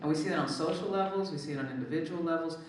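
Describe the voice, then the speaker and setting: Expressive speaker in an echoey hall. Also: very fast, far from the mic, a little hiss or hum. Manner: expressive, swings up high when animated. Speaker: author and guest speaker. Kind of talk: live onstage conversation. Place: large echoing hall at a live event. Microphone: distant from the microphone.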